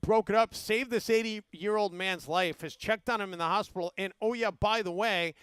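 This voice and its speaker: A man hosts a daily sports talk show in a high, smooth, clear voice. He rambles through stories and teases his guest with playful questions. The studio sound is close and dry. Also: moderate pace, a bit bright, no room sound.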